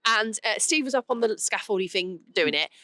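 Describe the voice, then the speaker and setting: Lively, bright-voiced woman host. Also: medium pitch, no room sound. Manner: animated storyteller, quick asides. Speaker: podcast host. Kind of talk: casual podcast chat.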